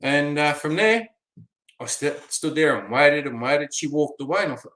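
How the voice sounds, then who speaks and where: A man's voice: fairly high pitch, normal speed, fairly bright tone. An Australian man telling a rambling travel story in a casual, chatty way, full of fillers. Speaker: vlogger. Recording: roomy echo.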